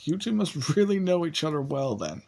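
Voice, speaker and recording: A defiant captive young woman, as a man puts her on in a homemade spoken story. She speaks in a husky, raised voice with a lively, swinging pitch, startled and pleading by turns. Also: normal speed, exaggerated voice.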